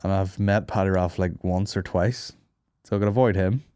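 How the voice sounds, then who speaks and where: Guy rambling on his podcast, low mellow voice, swears a lot. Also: fairly even intonation, normal speed, slight background noise. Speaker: podcast host. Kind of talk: casual chat.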